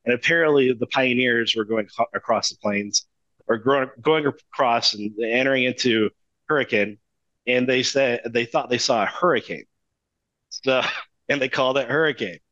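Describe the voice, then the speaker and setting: A young man from Utah, a podcast guest, telling stories in a relaxed, rambling way. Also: medium pitch, moderate pace, no echo. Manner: easygoing, rambling with fillers. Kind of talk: casual interview. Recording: dull lo-fi dry sound.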